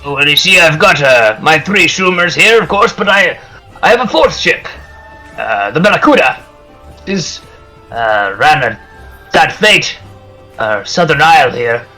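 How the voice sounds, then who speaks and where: A man's voice: on the high side, animated, measured pace, bright, forceful tone, faint music behind, poor audio. A man voicing a swaggering, one-handed old pirate captain in a tabletop game, boastful and bluffing. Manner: boastful, bluffing, folksy sailor talk.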